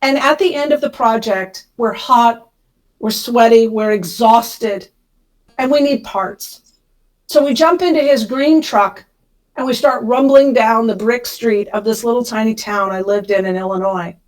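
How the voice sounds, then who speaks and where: A middle-aged woman from Kansas, a podcast guest telling a personal story with emotion, rushing when she relives the panic. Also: a little high, low-quality recording.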